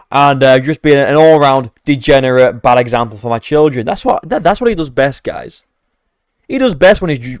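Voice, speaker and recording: A man's voice: fairly high pitch, no echo, clean studio sound. A man giving profane, mocking reaction commentary as an MMA commentator, ranting sarcastically.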